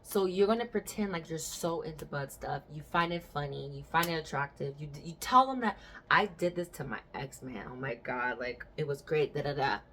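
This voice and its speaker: A woman's voice: deep voice, normal speed, a bit bright, a little hiss or hum. A young adult woman hosting a podcast, chatting casually and telling stories frankly with bursts of laughter. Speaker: podcast host.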